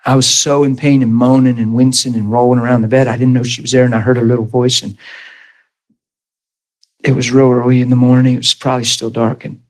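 A man in his thirties or forties briskly preaches his personal testimony as a narrative in a mid-range voice. He's lively throughout, often laughing and acting out the events.

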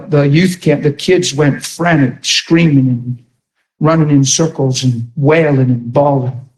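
A man preaching a sermon with passion, often shouting and repeating himself. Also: fairly high pitch.

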